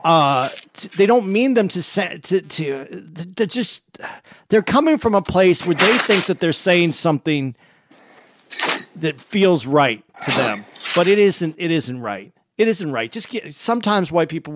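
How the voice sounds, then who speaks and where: A man co-hosting a podcast in casual chat, earnest and halting, often restarting his sentences. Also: a little high, slight background noise. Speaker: podcast co-host.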